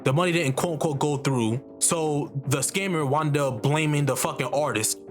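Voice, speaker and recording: A man's voice: a little high, moderate pace. A man delivering a heated, profanity-filled rant to camera, swearing constantly and repeating himself. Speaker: artist and vlogger. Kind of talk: profane ranting monologue. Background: faint background music.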